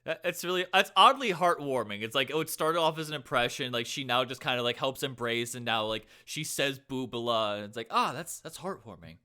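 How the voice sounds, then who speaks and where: A man's voice: mid-range voice, lively intonation, brisk, few pauses, sharp tone, clean tone. A man hosting a casual interview, chatty and friendly in his questions. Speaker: podcast host.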